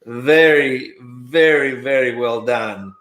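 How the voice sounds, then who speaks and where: A man's voice: mid-range voice, slow, a bit bright, reverberant. A man co-hosting a casual live chat, upbeat and chatty.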